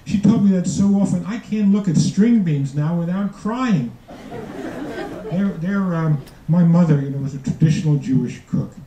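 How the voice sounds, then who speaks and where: A man in his seventies performing a stand-up comedy routine with dry, self-deprecating jokes and a halting delivery full of restarts, to a live audience. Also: high voice, a crowd in the background. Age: 70s. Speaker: student comedian. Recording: echoey room from far off, noisy. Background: audience laughter and room noise.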